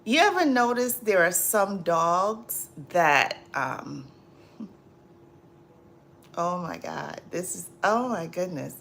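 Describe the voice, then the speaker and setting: A woman hosting a casual livestream, laughing often and chatting with viewers in drawn-out, repetitive phrasing full of fillers. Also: on the low side, lively intonation, creaky, a bit bright, a little hiss or hum. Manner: laughs often, reads and answers viewer comments. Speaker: livestream host.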